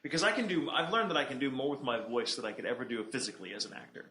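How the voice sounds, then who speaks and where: A man's voice: medium pitch, very animated, very fast, sharp tone. A man, a voice actor co-hosting a casual podcast chat, talking reflectively and rambling with many restarts. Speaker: voice actor and co-host. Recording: roomy echo, faint background noise.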